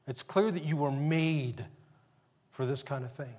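A man voicing an excited, generous governor within a sermon story, gushing and exclamatory. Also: on the high side, a little slow, pitched below the performer's own voice.

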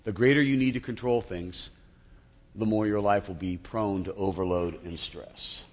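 A man's voice: lowish voice, normal speed, darkish tone, long reverb tail. A male pastor preaching a sermon in a church, talking in a conversational, humorous storytelling manner.

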